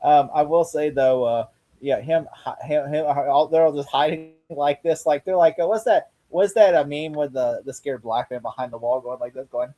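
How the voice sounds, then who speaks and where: A man's voice: fairly high pitch, moderate pace, dark tone, soft background music. Rambling man retelling scenes. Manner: rambling retelling, acts out lines, laughs often. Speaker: podcast host. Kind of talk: casual chat.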